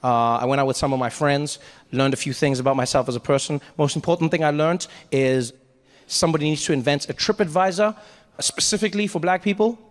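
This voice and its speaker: High-voiced African man doing stand-up. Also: fairly quick, big-room sound. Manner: conversational storytelling, lots of asides. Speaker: stand-up comedian. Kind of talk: stand-up comedy.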